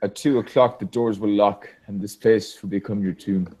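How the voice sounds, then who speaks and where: A man voicing a slow, threatening male horror-movie trap villain over lo-fi call audio. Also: on the low side, fairly even intonation, dark tone, close to an everyday voice. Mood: menacing.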